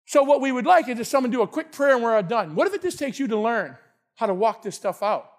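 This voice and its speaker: High-voiced, fired-up man preaching. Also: fast talker. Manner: excitable, shouting at times, repeats words. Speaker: pastor. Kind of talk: sermon. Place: church sanctuary.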